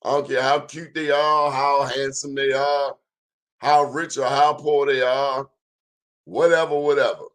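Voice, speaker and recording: A man hosts his own show and talks straight to the audience. His delivery is emphatic and preachy, full of folksy sayings. His voice sits at an ordinary, middle pitch for a man. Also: level tone, unhurried, fairly bright tone. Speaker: show host. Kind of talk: talk show monologue.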